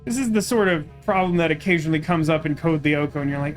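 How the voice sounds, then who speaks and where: A woman's voice: sits low, fast. A woman making wry, rambling asides while playing a video game. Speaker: let's play commentator. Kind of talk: casual game commentary. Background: faint game music.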